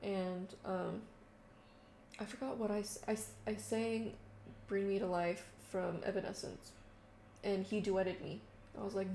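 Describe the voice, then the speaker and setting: A woman's voice: medium pitch, normal speed, vocal fry, dark tone. A young woman telling a story in casual chat, lots of fillers and quoted voices, recorded in an echoey room. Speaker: vlogger. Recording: echoey room with faint noise.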